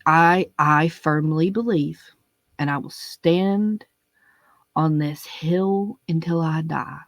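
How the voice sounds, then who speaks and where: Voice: medium pitch, slow pace, no echo. A young adult giving a blunt, profane, unscripted rant, hammering points home with repetition. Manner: blunt, profane, emphatic, repeats words when stressing a point. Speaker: monologue speaker. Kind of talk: unscripted ranting monologue.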